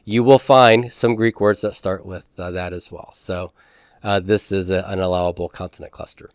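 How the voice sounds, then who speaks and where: A man's voice: low-pitched, fairly even intonation, normal speed, clear, resonant tone, no echo, clean studio sound. A man lecturing a class on Greek pronunciation and syllable division, explaining step by step and often checking in with his listeners. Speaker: Greek teacher.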